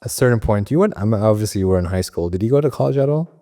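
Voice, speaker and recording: A man's voice: on the low side, lively intonation, racing, mellow. A man hosting a casual podcast interview, asking curious questions and encouraging his guest. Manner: curious, encouraging, short backchannels. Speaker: podcast host.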